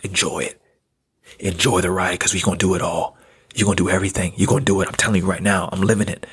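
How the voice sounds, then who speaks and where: A man voicing his calm, confident future self, whispering slangy reassurance. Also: low voice, quick pace, slight background noise, voice pushed down. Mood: reassuring.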